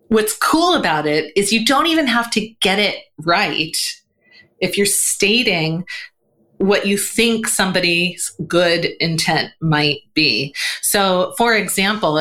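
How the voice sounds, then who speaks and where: Woman guest on a podcast, slightly low voice, animated and chatty, lots of fillers. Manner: animated, acts out quoted voices, laughs often; frequent fillers like "um" and "you know". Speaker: guest, communication coach. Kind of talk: podcast interview conversation.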